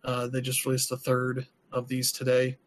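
A man talks loosely on a podcast, filling pauses with plenty of "uh" and "you know." His voice sits at an ordinary middle pitch. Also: completely flat delivery. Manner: rambling, many filler words. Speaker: podcast host. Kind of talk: casual chat.

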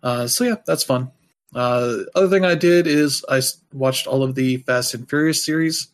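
A man's voice: mid-range voice, moderate pace. Rambling man in casual chat. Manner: rambling, loose, heavy with fillers; wry, offhand asides.

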